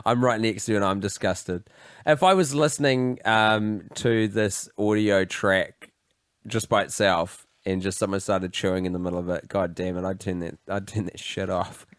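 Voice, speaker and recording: Male co-host, sardonic and crude, lower pitch, dry close mic. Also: steady tone, normal speed, clear, resonant tone, no room sound. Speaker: podcast co-host. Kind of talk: casual comedy commentary.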